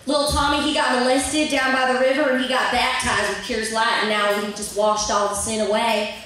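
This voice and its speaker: A young woman from Virginia works through a stand-up set on a bar stage, her voice a little high and delivered deadpan with plenty of "uh" pauses. The sound is very roomy and echoey, caught by a mic set well back from her, with faint noise underneath. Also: far from the mic. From Virginia, USA. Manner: deadpan delivery with filler pauses, laughs at own jokes. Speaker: stand-up comic.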